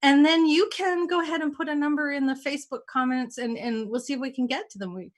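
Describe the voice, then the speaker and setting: A woman hosting a casual talk, telling stories in an animated way and acting out the dialogue. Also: sits high, fast. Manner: animated, acts out quoted dialogue. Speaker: host.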